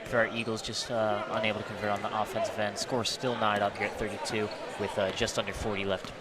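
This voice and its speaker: A man giving basketball color commentary in a casual way, often starting with "yeah" and filling pauses with "uh". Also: on the low side, little pitch movement, a loud crowd.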